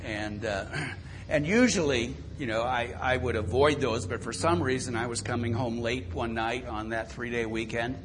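A middle-aged man preaches a sermon in a natural, conversational way. He tells stories with gentle self-deprecating humor. His voice sits at an ordinary middle pitch for a man. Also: normal speed, background noise. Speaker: pastor.

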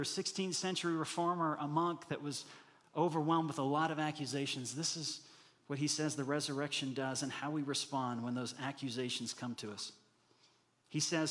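Middle-aged male pastor, earnest sermon delivery with emphatic peaks, slightly high voice, long hall reverb. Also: fairly bright tone.

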